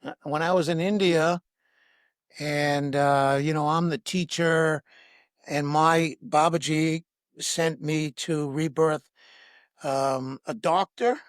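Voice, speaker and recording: A man's voice: fairly high pitch, takes it slowly, no echo, clean studio sound. A man, a breathwork teacher and podcast guest, telling a personal story and acting out the dialogue. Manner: lively anecdote with acted-out dialogue. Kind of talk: storytelling in conversation.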